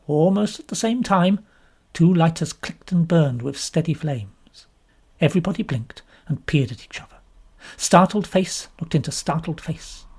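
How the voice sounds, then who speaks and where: A woman from London with a British accent, narrating an audiobook in an expressive, lively storytelling manner. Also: low voice, husky. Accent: British English. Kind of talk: scripted narration.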